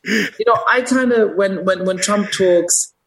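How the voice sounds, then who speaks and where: A man's voice: sits high, measured pace, over a noisy crowd, voice pushed up. A man with a German accent imitating a working-class male comedian from New Jersey, musing in a folksy, hesitant way. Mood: folksy uneasy.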